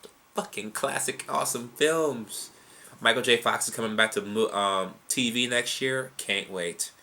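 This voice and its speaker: In a mid-range, bright and forceful voice, a young man talks a little slowly as he answers viewers' questions. The conversation is casual and loose, full of rambling, profanity and restarts.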